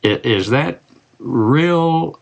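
An older man delivering a scripted opinion commentary, asking rhetorical questions and stressing words slowly and deliberately. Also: fairly high pitch, lively intonation, vocal fry.

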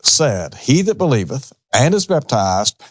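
A man's voice: medium pitch, very animated, measured pace, husky, dry recording. A man hosting a religious talk show, preaching emphatically with rhetorical questions.

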